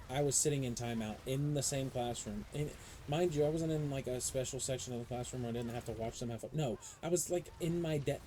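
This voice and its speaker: A young adult man streaming a game, chatting casually and ranting in profane, animated stories. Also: medium pitch, slight background noise, poor audio. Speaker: live streamer. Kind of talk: casual chat while gaming.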